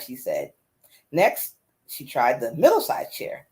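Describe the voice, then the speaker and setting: A woman reading a children's story aloud in an expressive, animated way. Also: very deep voice, slow. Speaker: storyteller host.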